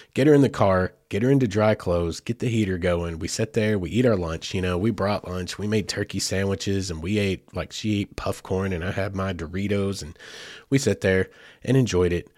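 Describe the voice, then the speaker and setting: Chatty low-voiced man telling a story. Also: darkish tone, no room sound, studio quality. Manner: rambling, chatty, with many fillers like "like" and "you know". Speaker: father telling a family story. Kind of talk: casual spoken storytelling.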